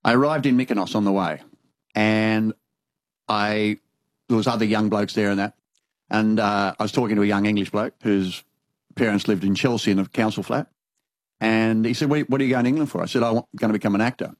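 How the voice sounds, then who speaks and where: An older Australian man, an interviewee, telling lively anecdotes and acting out the dialogue in them. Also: on the low side, fairly quick, no room sound. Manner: animated anecdotal storyteller, acts out dialogue. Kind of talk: storytelling conversation.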